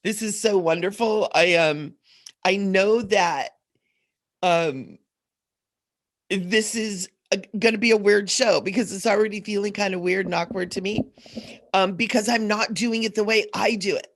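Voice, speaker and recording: A middle-aged woman talks to her livestream audience in a loose, rambling way, full of ums and little laughs. She sounds a bit sleepy and groggy this morning, and her mid-pitched voice has a gravelly, fried texture. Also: fairly even intonation, unhurried. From Southern California. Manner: rambling, laughs often, frequent fillers. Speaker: host. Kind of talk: casual spiritual livestream talk.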